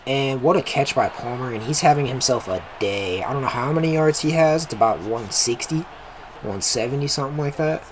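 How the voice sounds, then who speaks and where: A man giving casual, excitable commentary over his own football video game, talking to the players on screen and swearing when a play goes wrong. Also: medium pitch, fairly quick, noisy background. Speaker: gaming commentator. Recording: music playing behind.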